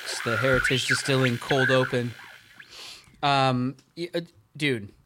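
A man in his thirties hosting a casual sports podcast, telling stories in a lively, playful way. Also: medium pitch, a little slow, noisy background. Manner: animated, playful storytelling. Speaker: podcast host.

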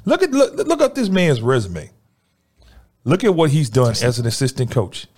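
Male sports podcast co-host, mid pitch, emphatic and slangy, casual debate. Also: wildly swooping pitch, moderate pace, a little mellow.

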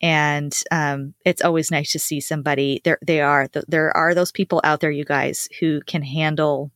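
A woman with a low, deep-set voice talks in an easygoing, earnest way, stumbling and restarting as she goes. The sound is close and dry, with no room around it. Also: fairly even intonation, moderate pace, a bit bright, dry recording. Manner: chatty, earnest, many restarts and self-corrections. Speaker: podcast co-host, parent. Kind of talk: casual chat.

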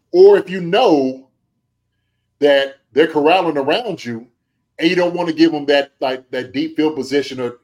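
A man with a fairly high voice delivers fired-up podcast commentary from home, grading a team like a coach. He lectures players bluntly and keeps checking in with "okay?". His voice climbs when he gets worked up and drops low between points. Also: a little mellow, poor audio. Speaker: former pro football player and special teams coach grading a team.

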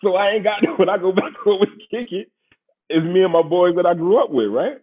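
Guest storyteller: New man, husky and slangy, sounds like a phone line. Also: high-pitched, fairly quick. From Queens, New York. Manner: animated, slangy, acts out quotes. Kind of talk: casual storytelling.

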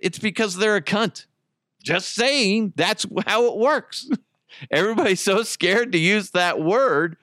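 A man hosting a solo podcast while high, rambling, swearing heavily and laughing often. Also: fairly bright tone, dry recording, studio quality. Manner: profane, rambling, frequent laughter. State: high on cannabis. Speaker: podcast host.

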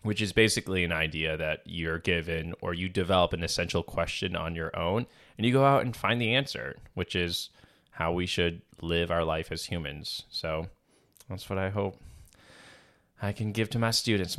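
A man's voice: low-pitched, fairly even intonation, moderate pace, a bit bright. A young man, a teacher, co-hosting a podcast with dry jokes and earnest explanations. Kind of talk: casual chat.

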